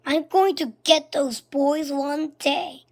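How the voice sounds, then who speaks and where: A woman voicing a mean old male school principal in a storybook reading, speaking slowly and menacingly. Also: sits high, steady tone, a little mellow.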